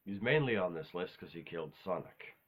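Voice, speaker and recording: A man's voice: deep voice, expressive, brisk, slightly rough. A man talking in a casual, unscripted monologue, rambling offhand with self-corrections and casual swearing. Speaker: video host ranking game villains.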